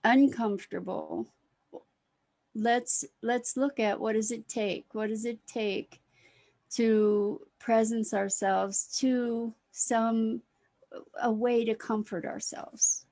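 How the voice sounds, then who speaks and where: A woman hosting a live talk, speaking gently and unhurriedly about comforting oneself, often pausing and restarting her sentences. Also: on the high side, fairly even intonation. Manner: warmly greets viewers by name. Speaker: host. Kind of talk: slow reflective talk on self-comfort.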